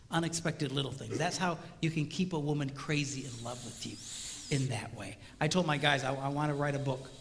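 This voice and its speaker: Middle-aged guy doing a funny marriage talk on stage, high lively voice, bright, hall echo. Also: slight background noise. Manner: animated, acts out voices, jokes with crowd. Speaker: speaker on marriage. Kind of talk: comedic stage talk to a live audience. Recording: hall reverb with faint ambience.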